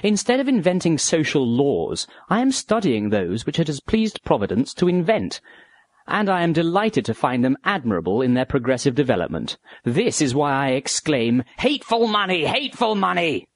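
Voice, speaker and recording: A woman's voice: low-pitched, very animated, normal speed, no echo. A woman reading the part of an exasperated, earnest economist in an audiobook dialogue. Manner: earnest, emphatic exclamations.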